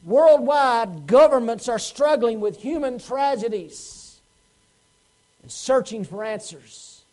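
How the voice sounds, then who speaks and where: A man's voice: very high voice, expressive, takes it slowly, a little mellow, poor audio. A man preaching a Sunday sermon as pastor, asking the congregation pointed questions and acting out quotes. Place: church sanctuary.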